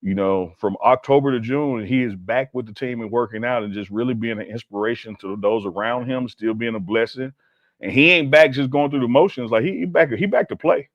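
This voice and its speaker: A man's voice: mid-range voice, a little fast, no echo, muffled recording. A man co-hosting a casual sports talk show, telling stories with emphatic, laid-back slang. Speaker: co-host.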